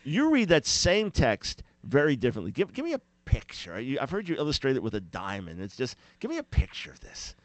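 A man's voice: mid-range voice, fairly quick, few pauses, dry recording. A man hosting a Christian talk show, asking questions and joking with playful exaggeration. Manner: animated, mock-chanting with playful exaggeration. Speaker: host.

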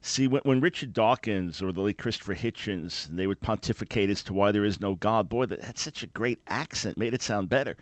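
A man with a light New York accent hosting a radio talk show, questioning his guest in an animated, emphatic way. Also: lowish voice, brisk, hardly any pauses, no room sound. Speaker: radio host.

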